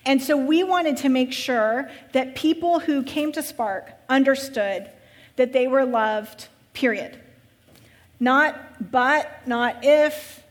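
A woman pastor with a high voice speaks to her church in an easygoing, conversational way and adds dry jokes along the way. Her voice rings out with a long reverb, as if she is in a large hall. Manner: conversational, with wry humorous asides. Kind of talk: church vision talk.

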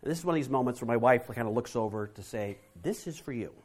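A man telling a family story to an audience, animated and lively. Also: medium pitch, rapid-fire, heavy background noise. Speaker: speaker.

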